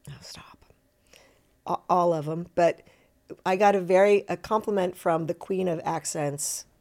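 A middle-aged woman, an actor, chatting in an interview and telling stories in an animated, self-deprecating way with quick asides. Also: lowish voice. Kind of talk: casual interview chat.

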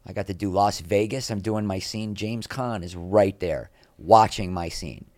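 A man's voice: lowish voice, a little slow, no echo, clean studio sound. A middle-aged man, an interview guest, telling candid, rambling, self-deprecating stories and acting out the people he quotes. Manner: rambling, self-deprecating, animated when quoting others.

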